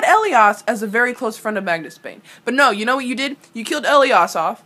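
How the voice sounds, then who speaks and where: A young woman talks through an episode in a casual reaction video. She rants with a lot of energy and swears freely. Her voice sits a little high. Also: fairly quick, hardly any pauses. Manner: animated ranting with profanity.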